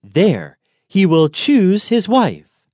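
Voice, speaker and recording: A woman narrating a simple storybook slowly and clearly for learners, deliberate and expressive. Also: mid-range voice, no echo, clean studio sound.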